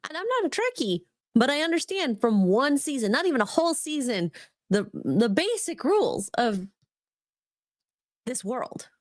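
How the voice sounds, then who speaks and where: A woman's voice: high voice, big pitch swings, moderate pace, no echo, clean studio sound. A woman co-hosting a casual livestream chat, chatty and giggling. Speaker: co-host.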